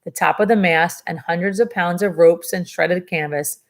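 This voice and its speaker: A woman's voice: lowish voice, moderate pace. A woman reading a novel aloud and breaking off for chatty asides and dry sarcasm about the story. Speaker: reader of a novel. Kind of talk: reading a book aloud with commentary.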